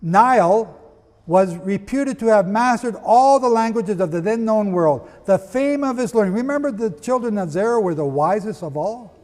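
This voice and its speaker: A man's voice: high voice, expressive, normal speed, a little mellow. A man preaching and teaching, reading from old histories and firing questions at his listeners. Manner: emphatic, asks the audience questions. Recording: long reverb.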